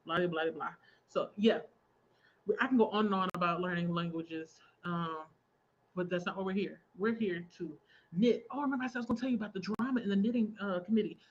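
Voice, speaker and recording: A young adult woman hosting a relaxed crafting livestream, chatting casually, laughing often and reading out viewer comments. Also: fairly low pitch, brisk, muffled recording. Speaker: livestream host. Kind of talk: casual chat while crafting.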